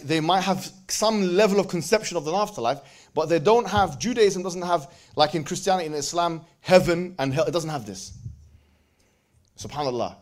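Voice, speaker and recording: A man giving a religious lecture with jokes, reciting scripture verses in quick bursts between his explanations. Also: fairly high pitch. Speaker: preacher.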